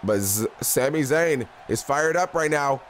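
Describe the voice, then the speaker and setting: A young man giving casual, excitable play-by-play commentary on a video game, talking slangily to the characters on screen. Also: medium pitch, a little slow, slight background noise. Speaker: gaming YouTuber.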